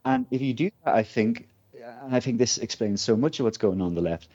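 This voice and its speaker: A man's voice: medium pitch, expressive, brisk, darkish tone, highs cut off. A man from Britain talking casually as a guest, rambling with many fillers and asides. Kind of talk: casual conversation.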